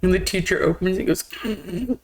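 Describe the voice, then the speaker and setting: A woman's voice: on the low side, flat delivery. A married woman co-hosting a live movie stream, chatting casually and joking with frequent laughter. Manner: quick, joking, laughs often. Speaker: podcast co-host. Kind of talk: casual chat.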